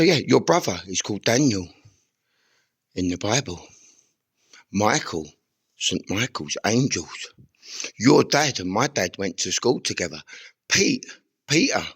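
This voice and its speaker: Husky-voiced man, intense and rambling. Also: on the low side. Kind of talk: rambling spoken monologue. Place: outdoor churchyard among graves.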